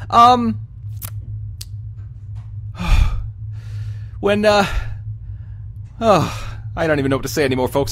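A man's voice: high-pitched, animated, unhurried, pauses often, a bit bright. A man hosting a let's play of a horror game, jumpy and exclaiming, talking to his viewers as folks.

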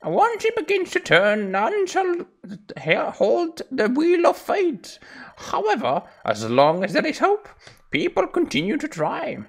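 A man voicing an ancient male sage who speaks slowly and solemnly, in a creaky old-man voice. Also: very high voice, wildly swooping pitch, voice pushed up, full character voice. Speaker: let's play host voicing characters.

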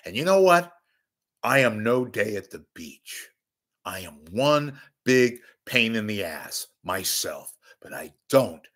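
A man hosting his own show, delivering a blunt, sarcastic, combative rant that swings between low mutters and loud outbursts. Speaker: media commentator host. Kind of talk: ranting monologue.

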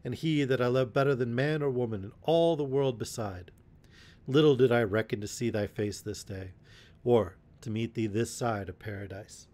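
A man's voice: mid-range voice, moderate pace, dark tone, lightly acted. A man voicing a grateful, fervent outlaw who speaks in a heartfelt, raised voice. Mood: tearful.

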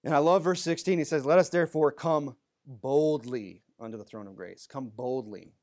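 A man's voice: medium pitch, normal speed, darkish tone. Man preaching a conversational sermon. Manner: preaches conversationally with Bible readings in a raised voice. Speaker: pastor.

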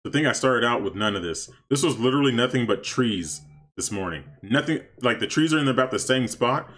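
A man casually commenting on his gameplay for stream viewers, chatty and excitable, talking to his chat. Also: mid-range voice, fairly quick, slightly rough. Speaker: streamer playing a life-sim game.

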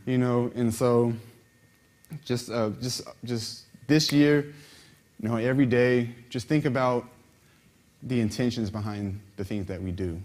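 A young man speaking as a minister, giving an informal sermon in a conversational, halting way with many restarts. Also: medium pitch, darkish tone.

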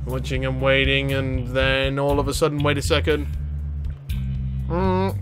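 A young man commentating his gameplay, excitable and swearing, breaking into sudden high yelps and laughter. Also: takes it slowly, long pauses, over music. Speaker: let's play gamer.

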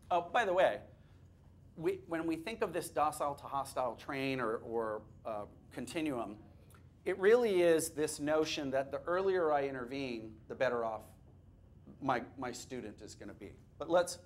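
A man's voice: medium pitch, normal speed. A man presenting a teacher training workshop, talking conversationally, joking and asking the audience questions. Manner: lively, conversational, asks the audience questions, jokes. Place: classroom or workshop room with a live audience.

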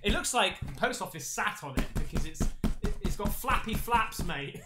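A man hosting an excited unboxing chat, excitable, with loud exclamations, calling everyone mate. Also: high voice, moderate pace, background noise. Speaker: paranormal YouTuber.

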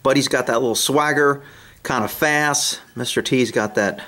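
A man filming his horses outdoors, joking and talking in high baby talk to them. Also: moderate pace, sharp tone. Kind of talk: casual vlog commentary. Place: outdoors at a pasture.

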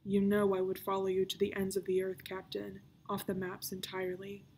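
A woman's voice: mid-range voice, completely flat delivery, a little fast, a little mellow, slight background noise, close to an everyday voice. A woman reading aloud, voicing a loyal male pirate crewman who asks his captain hesitant, worried questions.

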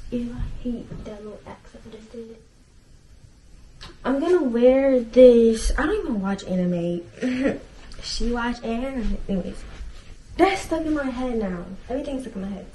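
A teen girl with a mellow, higher voice rambles through a casual home vlog in her bedroom and bathroom, full of fillers and frustrated venting. The camera-mic audio is poor, with slight background noise.

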